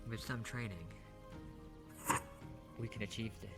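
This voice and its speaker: A man's voice: on the low side, measured pace, over loud music. A man chatting in character during roleplay, goofy and rambling, full of enthusiasm. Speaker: roleplayer voicing his character.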